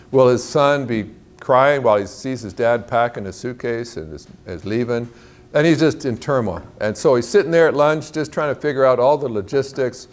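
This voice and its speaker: A man giving a sermon in a big church hall, speaking into a clip-on mic. He tells a long story and acts out the people in it, and his voice climbs high when he plays someone in a panic. His tone stays plain and mid-pitched when he narrates. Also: moderate pace. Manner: animated storyteller, acts out quotes in a higher voice. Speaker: guest speaker.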